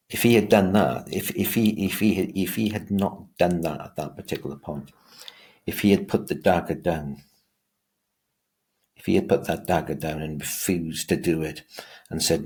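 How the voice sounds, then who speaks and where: A man with a very deep, low voice lectures as a teacher. He speaks with emphasis and often stumbles into restarts, repeating words before pressing his point. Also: fairly even intonation, normal speed. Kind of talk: revision lecture.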